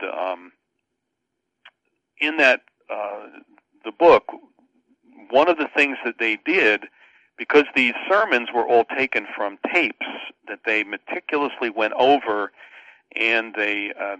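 An older man with a lowish, forceful voice teaches scripture as a radio guest, earnest and explanatory, often restarting his sentences. The sound is dry and a little dull, like lo-fi radio. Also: no echo.

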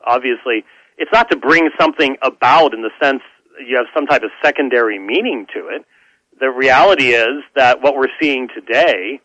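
A man's voice: mid-range voice, fairly bright tone, no room sound, dull audio. A man answering a listener question on a radio show, with many fillers and restarts. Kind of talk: unscripted radio talk.

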